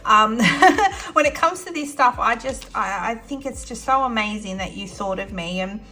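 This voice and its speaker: Australian woman, budget vlogger, bright forceful voice, gushing, giggly, over soft music. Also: fairly high pitch, lively intonation, normal speed. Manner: chatty and effusive, giggly, talks while eating. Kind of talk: casual chat to camera.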